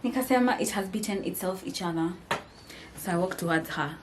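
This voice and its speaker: Animated young Kenyan woman vlogger. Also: fairly low pitch, fairly quick, background noise. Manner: animated, mixing English and Swahili slang, laughing often. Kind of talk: casual storytime vlog.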